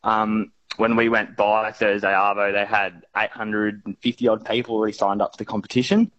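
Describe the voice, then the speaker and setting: A man's voice: on the low side, little pitch movement, fairly quick, a bit bright. An enthusiastic Australian man reporting on fishing in a casual radio chat, rambling with fillers and restarts, heard over a phone line.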